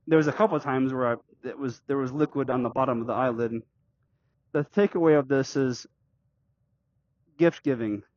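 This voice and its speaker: A middle-aged man vlogging while riding a bike, telling a personal story in a halting, rambling way with many restarts and fillers. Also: mid-range voice, no room sound, dull audio. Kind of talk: casual storytelling vlog. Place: outdoors on a bike.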